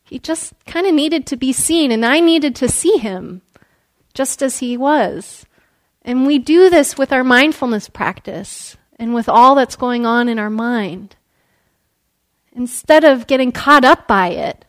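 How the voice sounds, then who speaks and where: A woman teacher shares a story during a meditation talk. Her voice sits somewhat high, and her manner is gentle and relaxed, with frequent soft laughter. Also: unhurried. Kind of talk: dharma talk.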